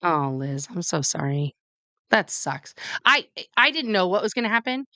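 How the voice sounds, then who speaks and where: Low-voiced, candid woman storyteller. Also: normal speed, dry recording. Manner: candid, profane, animated storytelling. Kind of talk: casual chat.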